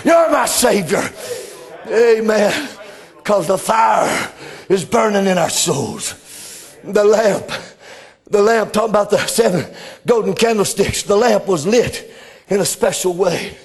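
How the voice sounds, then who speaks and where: Preacher guy, high raspy voice, gets loud and fiery in the sermon. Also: a little slow. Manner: fervent, rising into shouted exclamations.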